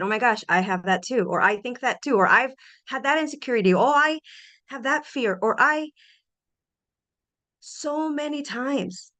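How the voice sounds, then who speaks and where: A middle-aged woman with a medium-pitched voice hosts a podcast, offering personal reflections in an earnest, animated way and restarting often.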